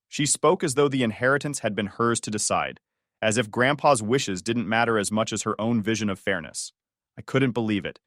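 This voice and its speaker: A man narrating a first-person family drama story in an expressive, storytelling manner. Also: on the low side, a little fast, dry recording, clean studio sound.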